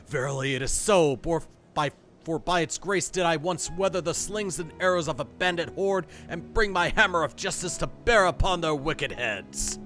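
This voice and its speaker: A man's voice: fairly high pitch, moderate pace, few pauses, a bit bright, soft background music, voice pushed up, lightly acted. A man voicing a stately old noble father in a game, declaiming in a solemn, ceremonious way. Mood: proud.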